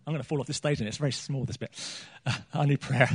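A man's voice: mid-range voice, fairly even intonation, fast talker, slightly rough. A man preaching a sermon on a small church stage, chatty and joking, throwing questions out to the congregation.

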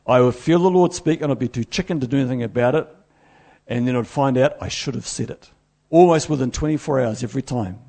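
A middle-aged man preaches, his voice gravelly and a little husky. He tells stories with animated, self-deprecating energy. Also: medium pitch, fast talker. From New Zealand. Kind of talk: sermon.

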